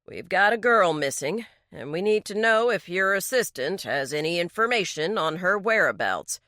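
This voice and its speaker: A woman's voice: fairly low pitch, expressive, normal speed, bright, forceful tone, no room sound, clean studio sound. A woman voicing a level-headed male sheriff who speaks in a firm, placating way.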